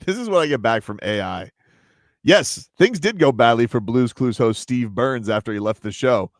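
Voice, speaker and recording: A man's voice: medium pitch, animated, moderate pace, no room sound, clean studio sound. A man hosting a radio show in casual chat, easygoing and wry, reading items aloud. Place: radio studio.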